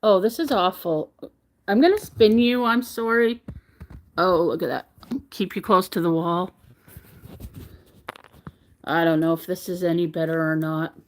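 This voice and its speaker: Unhurried woman chatting on a livestream. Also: on the low side. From Canada. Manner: chatty, greeting viewers by name while reading the chat. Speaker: crochet livestream host. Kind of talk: casual livestream chat.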